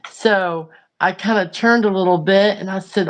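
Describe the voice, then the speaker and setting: A woman's voice: mid-range voice, steady tone, normal speed. A woman, hosting a livestream and chatting through a funny story with lots of fillers. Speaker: livestream host. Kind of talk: casual storytelling chat.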